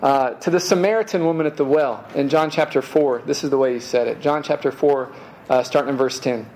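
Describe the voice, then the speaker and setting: A man's voice: medium pitch, brisk, darkish tone, a little hiss or hum, low-quality recording. A man preaching a sermon in a casual, conversational way, dropping "man" and "right?" asides and repeating words as he restarts.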